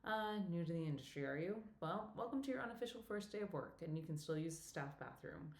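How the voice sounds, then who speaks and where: A woman voicing a friendly older woman who works a theater box office, with a brisk, teasing, motherly manner, read in a room with some echo. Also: lowish voice, expressive. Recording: roomy echo.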